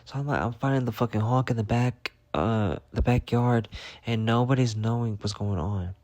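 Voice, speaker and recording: A man answering fan questions in a casual storytime vlog, profane and animated, jumping into loud acted-out voices. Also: medium pitch, moderate pace.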